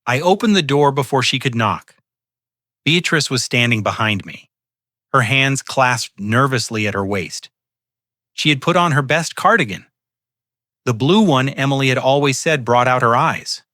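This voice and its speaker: An older man narrating a first-person story in a measured, solemn scripted manner. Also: medium pitch, expressive, pushed and bright, no room sound, clean studio sound.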